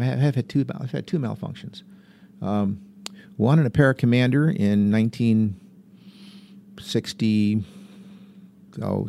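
Gravelly older man telling stories. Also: mid-range voice, warm tone, a little hiss or hum. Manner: rambling, chuckling raconteur. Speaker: veteran skydiver and guest. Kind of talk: casual anecdotal storytelling.

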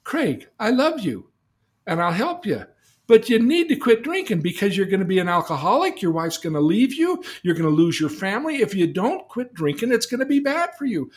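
A man's voice: sits high, big pitch swings, brisk, pitched above the performer's own voice. A man voicing God as a stern but loving father, pleading and scolding in an urgent way.

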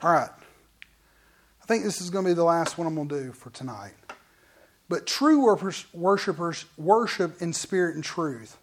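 A man pastor preaching a sermon in an animated, conversational way, full of asides to the congregation. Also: on the high side, moderate pace. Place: church.

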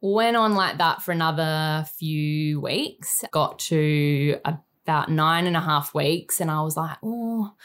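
A woman in her thirties with an Australian accent, telling a painful personal story in a candid, halting and emotional way, full of fillers. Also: sits low, fairly even intonation, fairly bright tone, clean tone. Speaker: guest sharing a personal story.

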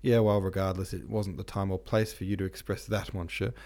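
A cold, weary young prince from a storybook, as a narrator puts him on in his low voice. He speaks curtly and tersely. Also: level tone, a little fast, darkish tone. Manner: curt, cold.

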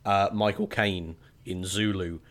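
A man with a fairly low voice and speech co-hosts a relaxed book chat. He is playful and wry, and he often trails into quiet, dry asides. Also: unhurried. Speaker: podcast co-host. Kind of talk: casual book discussion.

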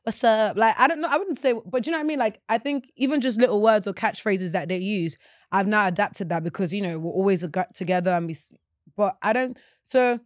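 A woman chats quickly and freely, telling stories and acting out the people she quotes. Her voice sits at a middle pitch. The recording is close and dry. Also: no echo. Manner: chatty storyteller who acts out people she quotes. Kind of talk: casual chat.

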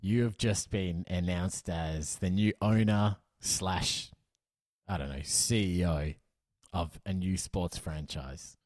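An Australian man hosting a podcast in casual chat, teasing and quick-witted, setting up comic bits. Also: low voice, darkish tone, dry recording. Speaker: podcast host.

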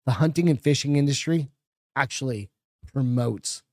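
A man's voice: medium pitch, normal speed, darkish tone, dry recording, studio quality. A man co-hosting a casual podcast, blunt and profane, reading a news item aloud. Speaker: podcast co-host. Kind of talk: casual chat.

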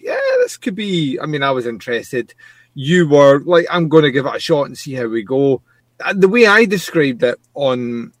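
A man co-hosting a casual TV review podcast, excitable and swearing freely. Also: mid-range voice, no echo. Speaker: podcast co-host.

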